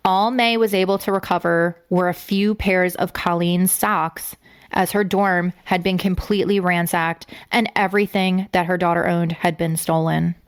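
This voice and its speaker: A woman's voice: on the low side, fairly even intonation, normal speed, clean tone. Blunt, profane woman co-hosting a podcast. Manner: blunt and profane, getting emotional. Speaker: podcast co-host. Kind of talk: casual true-crime podcast chat.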